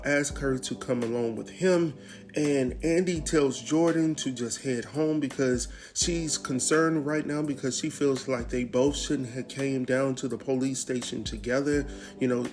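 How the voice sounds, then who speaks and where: A man hosting a casual recap show, retelling a TV episode in an animated, chatty way. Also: a little high. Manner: chatty, animated retelling with quoted character lines.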